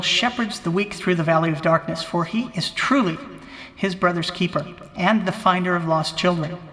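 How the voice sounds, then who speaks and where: Comic bit: man impersonating a pompous president at the podium, high, bright and forceful, grand declaiming cadence, long hall reverb. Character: pompous blustering male president giving an inaugural speech. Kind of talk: comic impression, mock political speech.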